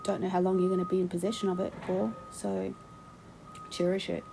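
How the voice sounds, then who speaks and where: A woman's voice: fairly low pitch, level tone, brisk, creaky, background noise. A woman, giving rambling, opinionated commentary full of ums as she talks through her screen. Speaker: vlogger. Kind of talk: casual screen-share commentary.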